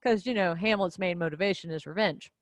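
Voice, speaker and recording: A woman's voice: fairly low pitch, fairly quick, no echo. A young woman casually and playfully summarizing a play for a class video. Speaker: student presenter.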